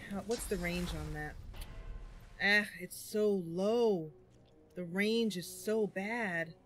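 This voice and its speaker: A woman's voice: medium pitch, takes it slowly, fairly bright tone. A woman streaming a video game, thinking aloud over her moves and breaking into sudden cries when things go wrong. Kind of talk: livestream game commentary.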